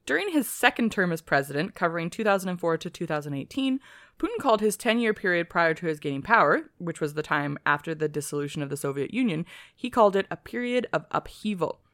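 A woman's voice: on the low side, big pitch swings, quick pace, a bit bright, no room sound, studio quality. A woman co-hosting a podcast, steadily explaining from prepared notes with casual asides. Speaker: podcast co-host.

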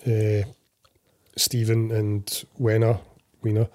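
A Scottish man co-hosting a casual film podcast, explaining his views in a measured, hesitant way. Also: lowish voice, monotone, dark tone. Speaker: podcast co-host.

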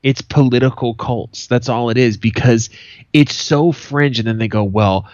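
A man's voice: mid-range voice, fairly even intonation, normal speed, a little mellow, no room sound, lo-fi sound. A man co-hosting a podcast in casual chat, blunt and sarcastic, swearing freely. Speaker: podcast co-host.

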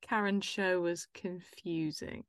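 A woman hosting a podcast in casual chat, teasing and quick to laugh. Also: fairly low pitch, dry recording. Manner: lively, teasing, laughs easily. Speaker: podcast host.

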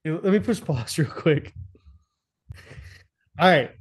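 Brief: young guy, slightly high voice, swears a lot, loose joking storyteller. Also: expressive, takes it slowly, breathy edge. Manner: profane, laughing, storytelling. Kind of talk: casual chat.

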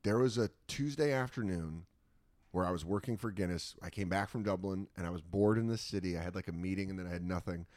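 American guy telling animated stories, swears a lot, dry close sound. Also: low-pitched, fast talker, dry recording. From United States. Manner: animated storyteller, swears freely. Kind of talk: casual chat.

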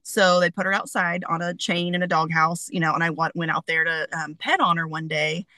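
A woman's voice: fairly low pitch, fairly even intonation, a little fast, bright, forceful tone, no echo. A woman in her forties, a guest telling stories in a casual interview, chatty with many fillers.

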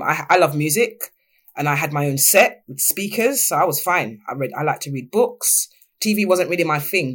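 A young woman talks candidly as an interview guest. Her telling is lively and animated, and her voice jumps when she acts out what other people said. It sounds like easy, open conversation. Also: lowish voice. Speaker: podcast guest.

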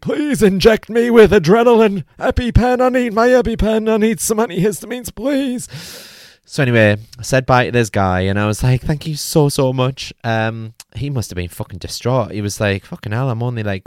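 A man's voice: lowish voice, clear, resonant tone, no room sound, clean studio sound. A man, telling a comic personal story in a chatty, swearing way and acting out his own frantic quotes. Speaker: podcast host.

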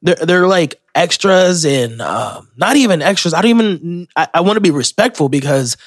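A man's voice: a little high, lively intonation, moderate pace, no room sound, studio quality. A young man hosting a podcast, telling rambling, profane stories in a casual solo monologue. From Florida. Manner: rambling, profane, self-interrupting storyteller. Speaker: podcast host.

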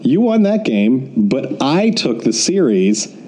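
A man's voice: medium pitch, very animated, takes it slowly, warm tone, husky. A man hosting a podcast in casual chat, joking around and laughing often. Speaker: podcast host.

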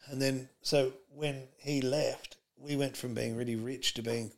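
A middle-aged man rambles through stories, stopping often to restart his sentences. His voice has a gravelly, creaky edge. He sits at a middle pitch and speaks as a podcast guest. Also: steady tone, unhurried. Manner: rambling, many fillers and restarts. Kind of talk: casual interview chat.

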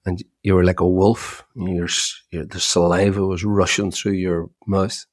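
A middle-aged man, co-hosting a chat podcast as an animated storyteller who often repeats his opening words. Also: low-pitched, a little slow, dry recording, clean studio sound. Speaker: podcast co-host. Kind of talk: casual chat.

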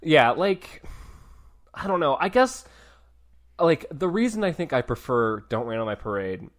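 Lively, chatty man co-hosting. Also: on the high side, unhurried. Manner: chatty, animated, filler-heavy with frequent likes. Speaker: podcast co-host. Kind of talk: casual chat reviewing a TV episode.

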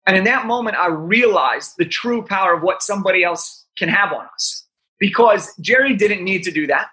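A young man in his twenties, a podcast guest, telling an animated story with frequent "right?" asides. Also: sits high, a little fast.

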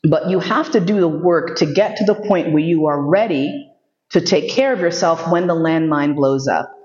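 A woman's voice: deep voice, normal speed, a little mellow. Joking, profane woman lecturing. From United States. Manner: joking, profane, frequent laughs. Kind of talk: casual lecture with Q&A. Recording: echoey room, dull lo-fi sound.

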